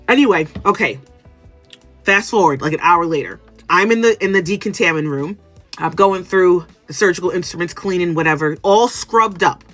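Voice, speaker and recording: A woman vlogger telling a story in casual monologue, animated and acting out other people's lines, often restarting her sentences. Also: lowish voice, normal speed, soft background music. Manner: animated, acts out quoted voices; restarts and trails off mid-sentence.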